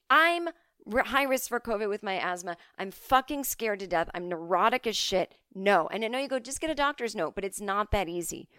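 Podcast host, female, foul-mouthed ranter, smooth voice, dry close-mic sound. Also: mid-range voice, a bit bright, no room sound. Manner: blunt, profane, self-deprecating rants. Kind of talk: solo comedic podcast monologue.

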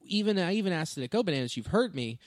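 A male comedian telling animated, profane stories in a casual podcast chat on a studio microphone. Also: high-pitched, fast talker, dry recording. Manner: animated storytelling with swearing. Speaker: stand-up comedian.

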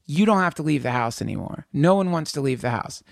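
A man with a fairly high voice, chatting as a podcast co-host. He tells stories in an animated, joking way and riffs freely. The sound is dry and close to the mic. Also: a little fast, vocal fry, dry recording. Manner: animated storyteller, jokey riffs. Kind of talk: casual chat.

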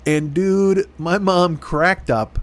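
A man's voice: high voice, slow pace. A middle-aged man telling a long, profane, self-deprecating story in a rambling podcast monologue. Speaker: podcast host.

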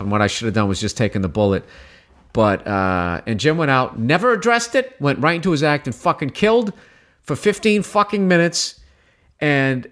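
A man, a comedian guest, telling a story in casual chat, swearing freely and restarting his sentences as he goes. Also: medium pitch. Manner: profane, animated, rambling with restarts.

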